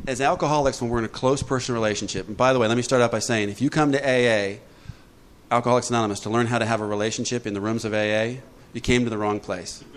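A man leading a recovery group talk, lively and joking, acting out little voices as he explains. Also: mid-range voice, quick pace. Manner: lively, jokey, acts out voices. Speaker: recovery workshop speaker.

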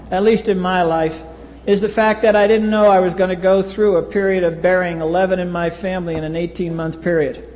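A man from the East Coast of the US, with a high, darkish voice, recounts his own story at a recovery meeting. He's dry-humored and plain-spoken, performing the quoted voices, and the sound echoes around a reverberant hall.

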